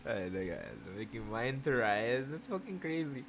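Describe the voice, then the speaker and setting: A host reading fan fiction aloud in a casual reaction video, moving between slow, even reading and loud, shocked, swearing outbursts. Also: medium pitch, vocal fry, a little hiss or hum.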